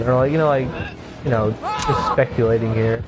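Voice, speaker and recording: A man's voice: on the high side, moderate pace. A young man chatting casually while playing a video game, rambling with lots of fillers and frequent swearing. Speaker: gaming streamer. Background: music.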